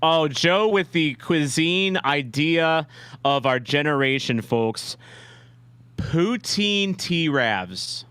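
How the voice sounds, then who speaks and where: A man's voice: a little high, slow pace, fairly bright tone, smooth, no room sound. A man hosting a live-stream watch-along, chatting casually with viewers in a rambling, self-deprecating way with many restarts. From St. Louis, USA. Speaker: livestream watch-along host.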